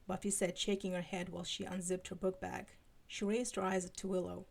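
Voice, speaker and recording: Gravelly-voiced woman reading fan fiction. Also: on the low side, level tone, a little fast, darkish tone. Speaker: live-stream fanfiction reader.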